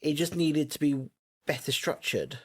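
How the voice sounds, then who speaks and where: A man's voice: on the high side, expressive, normal speed, breathy edge. A man co-hosting a podcast in casual chat, laughing often and giving his opinions freely. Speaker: podcast co-host.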